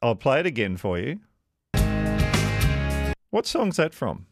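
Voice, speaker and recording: A man's voice: medium pitch, very animated, takes it slowly, loud music behind the voice. A man hosting a radio quiz, chatting casually with callers in a self-deprecating way and laughing often. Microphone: studio microphone.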